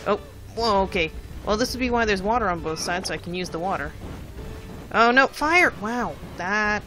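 A casual gameplay commentator with a bright, crisp tone talks to themselves while playing, chatty and thinking aloud. They keep repeating short words in rhythm as they time each move. Faint game music plays underneath. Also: mid-range voice, fairly quick. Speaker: let's play commentator.

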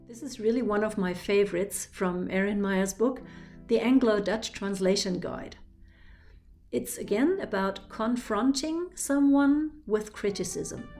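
A woman's voice: medium pitch, a little slow, a little mellow, faint music behind. A woman from Germany with a German accent, explaining ideas carefully and step by step as a trainer. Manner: clear, methodical, explains with examples. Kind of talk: explanatory lecture.

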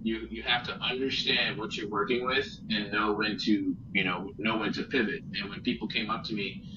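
A low-voiced man talks earnestly and rambles, circling back over his points. He sits well away from the mic in a roomy, echoey space. The sound is muffled and has loud noise behind it. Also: fairly even intonation, normal speed, far from the mic. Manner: earnest, rambling with many restarts. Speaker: podcast guest photographer. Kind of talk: casual interview chat.

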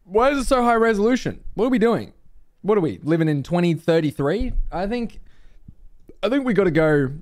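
A man chatting to his viewers during a live game stream, animated and swearing freely. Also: on the high side. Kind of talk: live gameplay stream chat.

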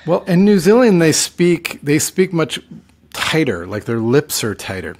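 A man's voice: on the high side, big pitch swings, unhurried, darkish tone. A middle-aged man, sleepy and fading late at night, rambling and trailing off in casual chat as a podcast co-host. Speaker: podcast co-host, touring musician.

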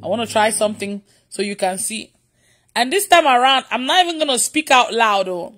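Woman preacher, livestream prayer, frequent laughter, repetitive phrasing, somewhat high pitch. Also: lively intonation, fairly quick, a bit bright, soft background music. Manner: laughs often, repeats phrases.

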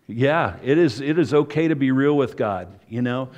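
A man's voice: mid-range voice, normal speed, a little mellow, dull audio. A middle-aged man, a pastor, giving a conversational sermon full of asides and self-corrections.

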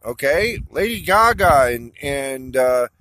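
A man recording a rambling walk-and-talk vlog outdoors, speaking straight to an absent listener, halting with many fillers and restarts. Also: mid-range voice, very animated, a bit bright, no echo. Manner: talks directly to an absent listener. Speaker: vlogger. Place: outdoors in open desert country. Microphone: phone or camera held while walking.

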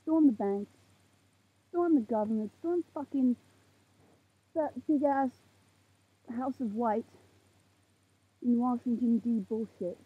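18-year-old woman, fired-up swearing rant, very husky high voice, tinny phone-like sound, outdoors at night. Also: slow pace, long pauses. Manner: heated, swearing, preachy outbursts. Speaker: vlogger. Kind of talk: impassioned rant to camera. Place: outdoors in a parking lot at night under a makeshift roof.

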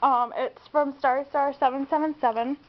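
Bubbly high-voiced young woman vlogger. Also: steady tone, moderate pace. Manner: bubbly and gushing, squeals and giggles often. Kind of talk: casual unboxing chat. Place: home room indoors. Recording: dull lo-fi home camera audio, faint hiss.

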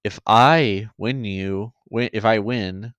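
A man reading a blunt, protective young man in his own lowish voice. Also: takes it slowly, fairly bright tone, clear, resonant tone, no echo, lo-fi sound. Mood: stern. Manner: blunt, stern.

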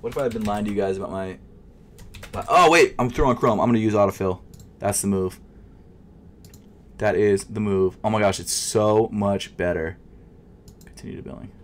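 A man's voice: lowish voice, normal speed, pauses often, slight background noise. Frustrated young man muttering at his screen. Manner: frustrated muttering, swings between loud outbursts and unvoiced whispers. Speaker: sneaker vlogger. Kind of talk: casual live commentary.

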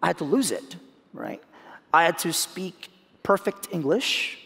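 A man from the Philippines in his thirties, talking in an onstage interview, animated, laughing often and repeating words as he restarts. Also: a little high, a little slow, gravelly, breathy edge. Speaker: guest speaker. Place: large hall on stage. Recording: hall reverb.

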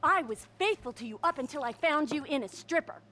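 A middle-aged wife from a video game, bitter and scornful toward her husband. Her voice sits very high and bright. She spits out insults with cutting contempt. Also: expressive, a little fast, slight background noise. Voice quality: scornful, cursing. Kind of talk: video game cutscene acting.

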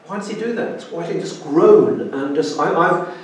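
A man's voice: on the high side, normal speed. A man preaching a sermon in a church, earnest, with frequent restarts and sudden emphatic exclamations. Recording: echoey church hall, distant mic.

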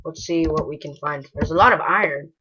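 Woman gaming host, casual play-by-play commentary, low-ish bright voice, excitable and gushing, dull lo-fi home mic. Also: a little fast, a little hiss or hum. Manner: excitable, gushing and rambling, bursts into loud exclamations.

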